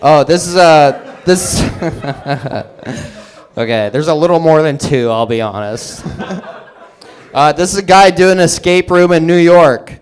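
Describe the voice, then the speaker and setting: A man's voice: a little high, lively intonation, slow pace. A man doing stand-up, delivering one-liners and chuckling at his own jokes. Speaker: stand-up comedian. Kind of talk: stand-up comedy.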